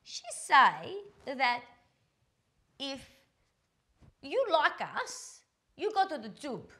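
A woman doing a slow high old grandma. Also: big pitch swings, sharp tone, exaggerated voice. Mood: chatty. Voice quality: broken English, exaggerated. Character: elderly grandmother friend, agreeable gossip. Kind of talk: comedy sketch.

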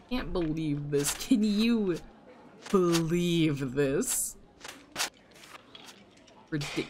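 A woman streamer with a fairly low voice who takes her time, unhurried even mid-rant. She swears freely and vents exasperation at the game while chatting to her viewers, with a faint hiss of noise behind her. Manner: exasperated, profane ranting at the game; talks to her chat audience. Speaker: streamer playing a video game. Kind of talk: casual live-stream commentary.

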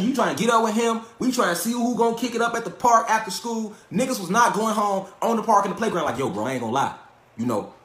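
A man lectures on a livestream in a high voice and at a rapid clip. He is profane and preachy, talks in street slang and repeats himself. The roomy echo suggests a bare room at home. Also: a bit bright. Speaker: livestream host.

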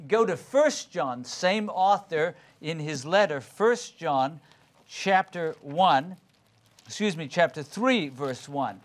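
A man with a notably high voice leads a Bible study as pastor. He explains each verse carefully, calls on people by name to read, and repeats key words to drive them home. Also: animated, slow pace. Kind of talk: interactive Bible study teaching.

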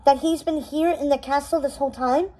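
A woman's voice: sits high, steady tone, brisk, mellow, lightly acted. A woman voicing a determined young heroine who speaks urgently and breathlessly, read aloud from a storybook. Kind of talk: storybook readaloud.

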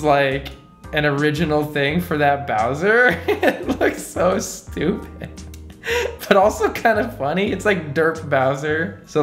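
A man streaming a game, talking casually as he thinks aloud, quick to get excited and break into giggles. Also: a little high, echoey room. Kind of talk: casual gameplay commentary.

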